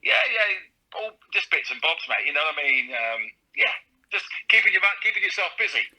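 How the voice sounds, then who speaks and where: A man's voice: a little high, sing-song, normal speed, sharp tone, rough recording. Chatty man with a lisp. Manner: chatty, laughing storyteller, British slang. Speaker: guest, comedian and radio presenter. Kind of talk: casual interview chat.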